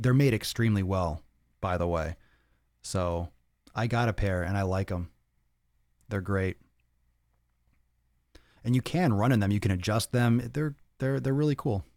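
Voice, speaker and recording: A man's voice: fairly low pitch, darkish tone, dry recording, studio quality. A man in his thirties hosting a casual live-stream Q&A, answering chat comments in a blunt, profane, joking way. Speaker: podcast host answering viewer questions.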